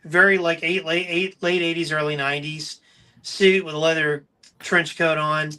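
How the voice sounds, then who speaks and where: Bright-voiced enthusiastic male podcast host. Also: a little high, fairly even intonation, moderate pace, clear, resonant tone. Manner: enthusiastic storyteller. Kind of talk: casual chat.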